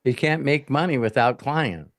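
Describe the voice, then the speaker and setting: A man's voice: mid-range voice, moderate pace. Blunt, profane male coach. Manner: blunt, profane, animated storytelling. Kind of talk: live Q&A coaching talk.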